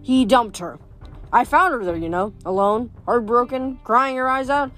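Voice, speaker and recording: A woman's voice: fairly high pitch, normal speed, a bit bright, faint music behind, close to an everyday voice. A woman voicing a bored, sneering male god of wine who drawls his words with contempt. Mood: scornful.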